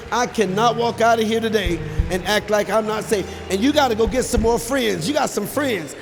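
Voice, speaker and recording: A male pastor giving a sermon altar call, urging the congregation to come forward with repeated calls that rise to shouting. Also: high voice, moderate pace, creaky, few pauses. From Texas. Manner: rises to shouting at peaks. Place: large church sanctuary with balcony. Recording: live church sound with long reverb and soft music.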